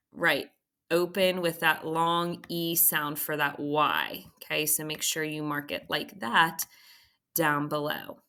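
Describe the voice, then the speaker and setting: A woman teacher walking students through a recorded phonics lesson, patient and checking in often with a quick "okay?". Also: lowish voice, sharp tone.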